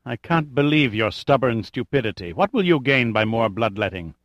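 A man voicing a silky, controlled male terrorist leader who makes quiet threats. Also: medium pitch, lively intonation, normal speed, no room sound, dull audio, natural voice. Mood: menacing.

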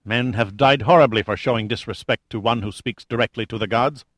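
A man's voice: medium pitch, a little fast, fairly bright tone, no echo, lightly acted. A male narrator voicing an arrogant, menacing male cult leader who talks in a cold, commanding tone. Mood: imperious.

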